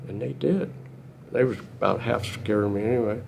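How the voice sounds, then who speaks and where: An older veteran man telling a war story in an oral history interview, in a slow drawl. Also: lowish voice, creaky, a little mellow, a little hiss or hum. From United States.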